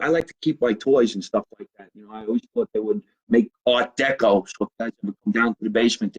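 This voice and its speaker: A man's voice: medium pitch, darkish tone, breathy edge, rough recording. A middle-aged man with a New Jersey accent, a comedian hosting a loose, profane live stream from his home basement and joking with viewers. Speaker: comedian host. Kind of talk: casual live-stream chat.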